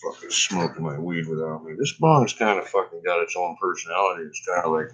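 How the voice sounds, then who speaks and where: A man's voice: sits low, a little fast, few pauses, fairly bright tone, slight background noise, low-quality recording. A stoned man, coughing often, rambling in a laid-back, profane way during a casual cannabis vlog session. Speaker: cannabis vlogger. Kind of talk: casual smoking session chat.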